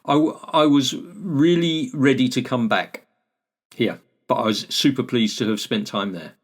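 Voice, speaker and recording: A man's voice: medium pitch, measured pace. Chatty older British-born man telling stories. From United Kingdom. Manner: chatty anecdotal storyteller, acts out exchanges. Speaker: podcast co-host. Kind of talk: casual chat.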